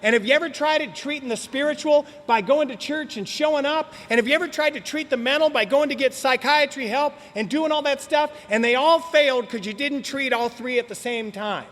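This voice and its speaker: A man's voice: very high voice, a little fast, hardly any pauses, a bit bright. A man telling his story at a recovery meeting in a joking, slangy way, talking straight to the audience. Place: meeting hall. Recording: long hall reverb.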